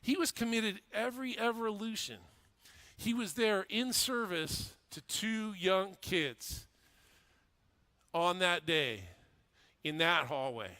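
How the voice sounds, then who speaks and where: Middle-aged male fire officer, high bright voice, clear and crisp, earnest storytelling speech. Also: slow pace, long pauses, no echo. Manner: earnest, emphatic retelling with repeated phrases.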